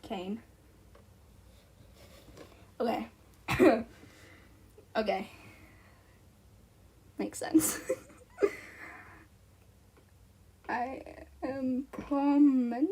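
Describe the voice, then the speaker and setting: A woman's voice: high voice, extremely slow, long pauses, dark tone, husky. A woman streamer reading fan fiction aloud on a live stream, giggling and breaking off into rambling asides.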